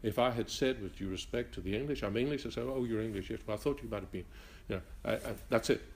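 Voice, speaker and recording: An older man from Northern Ireland with a blended Northern Irish and Rhodesian accent, answering interview questions in a reflective, halting way with frequent restarts. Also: lowish voice. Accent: mixed Northern Irish and Rhodesian. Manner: halting, many restarts and fillers.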